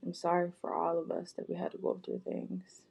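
A woman talks softly and directly to her viewers, offering heartfelt apologies and comfort. Her low voice has a gravelly, husky texture, and she often restarts and repeats her phrases. The tone stays dark and mellow throughout. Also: completely flat delivery, a little fast. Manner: gentle, soft-spoken, repetitive, with frequent restarts. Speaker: vlogger.

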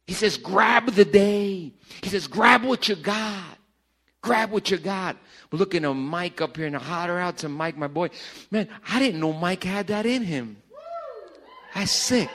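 A pastor preaching a lively sermon to his congregation. He has a fairly high voice for a man, and he jokes with the crowd and teases them between points. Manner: animated, joking with the congregation. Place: church service before a congregation.

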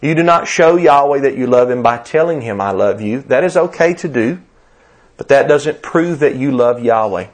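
A man's voice: mid-range voice, moderate pace. Older man, Southern US accent, pastor giving a sermon, emphatic and repetitive cadence. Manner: emphatic, repetitive preaching cadence with rising stresses.

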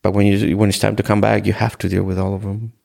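A middle-aged man from Ecuador, a podcast guest telling his personal story in a halting way, repeating words and acting out remembered exchanges. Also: lowish voice, little pitch movement, gravelly, dark tone. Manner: halting, repeats words, retells scenes in quoted dialogue. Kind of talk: personal testimony in a conversation.

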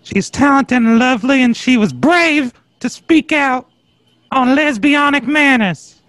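A man with an extremely high voice, playing up pompous mock outrage on a comedy podcast. He talks over a call. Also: measured pace, a bit bright, no room sound. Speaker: co-host. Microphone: call audio.

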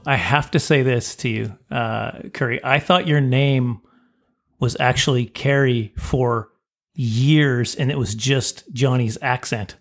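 A man's voice: mid-range voice, fairly even intonation, slow pace. A man, co-hosting a podcast as a stand-up comedian, chatty and apologetic, laughing often. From Canada. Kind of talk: casual podcast chat.

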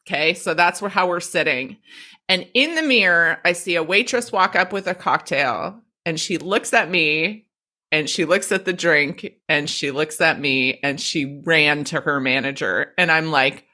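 A woman hosting a podcast, telling a story in a casual, profane, animated way and acting out the quotes. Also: low voice, a little slow. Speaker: podcast host.

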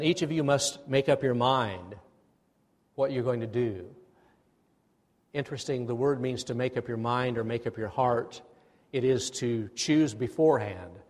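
A male pastor delivers a sermon in a church sanctuary. His voice carries a long hall reverb. He talks in a lively way and has the congregation repeat phrases after him. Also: mid-range voice. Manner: animated, leads the congregation in call-and-response.

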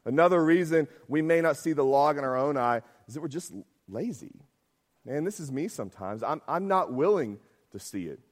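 A man's voice: a little high, animated, moderate pace. A man preaching a sermon as pastor, talking conversationally, often asking "right?" and acting out quotes.

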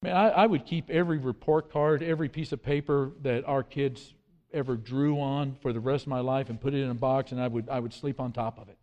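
A man's voice: medium pitch, steady tone, a little fast, a little mellow, dull audio. A man preaching a sermon with earnest emphasis, quoting scripture and often repeating his words. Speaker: pastor. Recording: long hall reverb.

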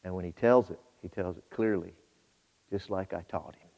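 A man preaching a sermon, shifting between quiet storytelling and loud, fervent exhortation to his congregation. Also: low-pitched, normal speed, vocal fry. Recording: muffled hall with long reverb.

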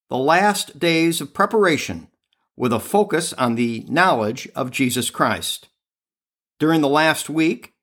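A man leading a podcast prayer devotion, reading and reciting a litany in a measured, reverent way. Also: mid-range voice, a bit bright.

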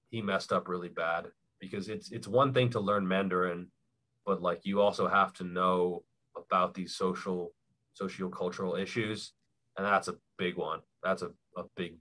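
A young man with a fairly low voice talks casually as a podcast guest. He explains at length in a loose, rambling way and fills the gaps with "like" and "um.". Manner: relaxed, rambling explanations with many fillers. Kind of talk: casual chat.

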